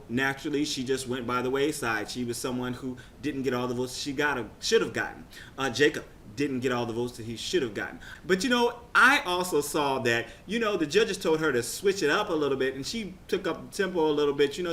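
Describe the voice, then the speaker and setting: A man casually recapping a TV results show, chatty and excitable, rambling with frequent restarts. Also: on the high side, brisk, a little hiss or hum.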